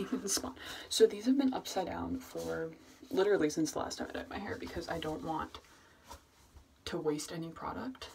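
A woman's voice: fairly low pitch, creaky, a little hiss or hum. A woman vlogging at home in a casual, rambling, self-mocking way, muttering asides to herself. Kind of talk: casual chat. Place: at home, indoors.

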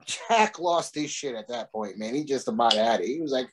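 A man's voice: on the high side, very animated, fast. A man telling a casual story, swearing freely and rambling with many restarts. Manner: profane, rambling, laughs while telling. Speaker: guest storyteller.

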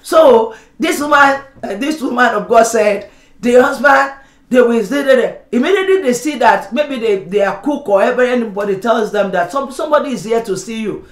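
A woman's voice: a little high, expressive, moderate pace. A middle-aged woman pastor preaching a sermon, calling on the congregation to respond and acting out everyday examples. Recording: roomy church sound.

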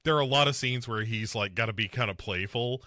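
Male podcast host, casual and animated, bright forceful voice, dry close mic. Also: fairly quick, no room sound. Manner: animated, swings pitch up to mock and mimic film characters. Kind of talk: casual chat reviewing a film.

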